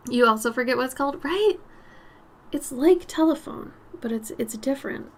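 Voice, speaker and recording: A woman with a raspy, smoky voice chatting casually while she paints on a live stream, her nose a little stuffy. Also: high voice, animated, moderate pace. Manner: chatty, drifts between topics, soft murmured asides.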